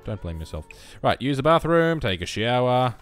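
A very animated young man with a medium-pitched voice speaks at a moderate pace over soft background music. As he casually plays a life-sim game for a let's-play, he talks to his characters and jokes about himself.

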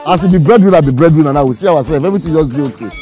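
A Nigerian-accented man speaking in a high, animated voice. He talks in a theatrical, mock-threatening way in a comedy skit. Music plays behind him. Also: rapid-fire. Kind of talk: Pidgin comedy skit acting.

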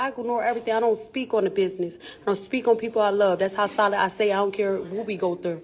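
A forceful woman talking on a live stream, her words punchy, repetitive and full of street slang. She speaks at a mid pitch for a woman, with the plain, confident delivery of a rapper addressing her fans. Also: fairly even intonation, fast talker. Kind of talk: candid live-stream talk.

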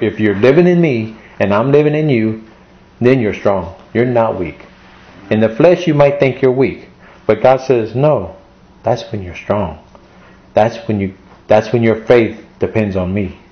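Guy pastor preaching, gets emotional, repeats himself, kinda dull lo-fi sound. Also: mid-range voice. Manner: emotional, repetitive preaching with scripture readings. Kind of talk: sermon.

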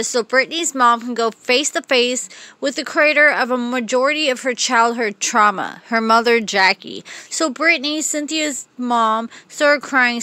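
A woman with a bright, forceful voice pitched a little high recaps a reality show in a gossipy, animated vlog. Her delivery is casual and chatty, and she keeps dropping personal asides. The sound is dry and close. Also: dry recording.

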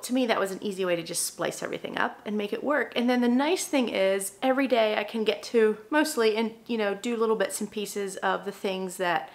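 A woman's voice: mid-range voice, fairly quick, gravelly, few pauses. A young woman, a mom and vlogger, chatting casually about housekeeping and using lots of filler words. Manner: chatty, frequent "like" fillers, self-deprecating asides. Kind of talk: casual talk to camera while cleaning.

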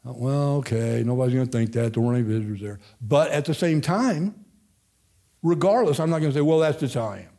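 A Midwestern American pastor emeritus in his fifties leads an informal Bible study for a class in a church room. His mid-pitched voice is fairly quick, creaky and mellow. He rambles in a folksy way, often breaking off partway through a thought to start over.

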